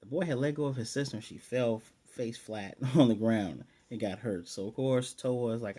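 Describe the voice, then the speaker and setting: Mellow-voiced man recapping an anime. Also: mid-range voice, normal speed, hardly any pauses, slightly rough. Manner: rambling, sarcastic asides. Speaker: anime reviewer. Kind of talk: casual episode recap.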